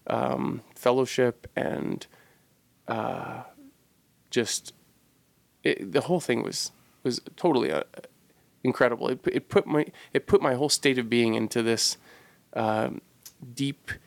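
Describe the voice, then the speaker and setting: A man's voice: mid-range voice, a little slow, creaky, long pauses, no echo. A man co-hosting a podcast, telling a personal story in an earnest, reflective way and searching for his words as he goes. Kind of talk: casual storytelling.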